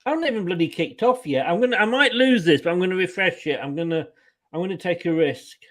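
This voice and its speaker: A man's voice: sits high, fast talker. A man who is a guest on a football watchalong, grumbling and swearing freely in casual chat. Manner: exasperated, swears a lot, grumbles.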